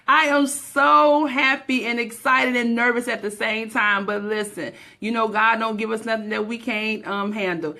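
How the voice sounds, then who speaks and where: A woman hosts a live stream, calling out viewers by name with a lot of energy. Her voice sits high and sounds bright and forceful. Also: moderate pace, gravelly, few pauses. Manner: energetic, greets viewers by name, hyping the crowd. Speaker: host of a live-streamed motivational show. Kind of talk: live-stream hype talk.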